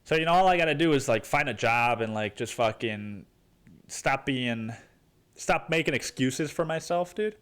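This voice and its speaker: A man's voice: moderate pace, smooth. A young man hosting his own podcast, rambling and swearing casually, saying "dude" constantly and jumping into mock voices. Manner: animated, jumps into high mock voices. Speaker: podcast host. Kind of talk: casual solo podcast monologue.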